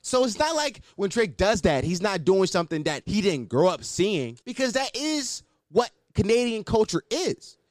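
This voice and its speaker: A man hosting a commentary show, arguing in a profane, animated rant. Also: sits high, moderate pace, hardly any pauses, no echo, studio quality. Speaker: commentary host.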